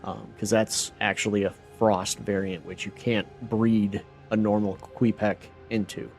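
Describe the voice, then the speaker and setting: A man's voice: on the low side, little pitch movement, unhurried, creaky, darkish tone, faint music behind. A man giving casual, think-aloud commentary while streaming a creature game, reading menus and musing over his finds. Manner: thinks aloud, reads menus, trails off in asides.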